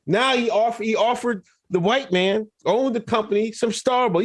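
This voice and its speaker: A man's voice: high voice, animated, measured pace. A man co-hosting a podcast, teasing in comedic casual chat and laughing often. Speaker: podcast co-host.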